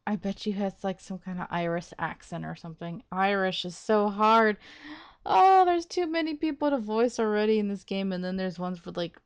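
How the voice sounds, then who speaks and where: A woman's voice: medium pitch, normal speed, smooth, dry recording. A woman giving casual, chatty, self-deprecating commentary while playing a story game. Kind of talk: casual let's-play commentary.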